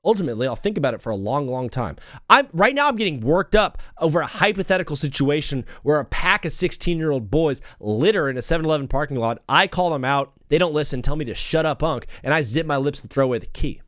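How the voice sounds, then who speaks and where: Excitable young man hosting a talk show. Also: on the high side, fast, hardly any pauses, no echo, studio quality. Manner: excitable, self-mocking, jumps between topics. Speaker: radio show host. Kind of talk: casual live talk show rant.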